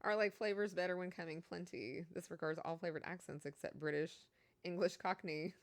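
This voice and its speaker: Chatty Kentucky woman, low voice. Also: steady tone, brisk, gravelly, no room sound. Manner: chatty and rambling, with frequent laughs. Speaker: streamer. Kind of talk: casual chat reading viewer chat.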